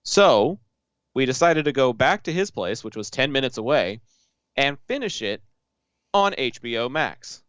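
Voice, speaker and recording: A man co-hosting a podcast, casually chatting and retelling stories with animated quoted asides. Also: medium pitch, unhurried, clear, resonant tone, no room sound. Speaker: podcast co-host. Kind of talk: casual chat.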